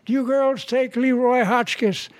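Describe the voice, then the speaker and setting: An old man playing a slow, solemn small-town preacher. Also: very high-pitched, fairly even intonation, voice pushed up. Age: 90s.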